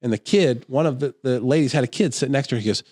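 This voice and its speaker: Quick-paced and mid-range, a middle-aged man's voice comes through clean studio sound without echo. Co-hosting a podcast, he's animatedly recounting a long anecdote in casual chat, doing the voices of the other people involved.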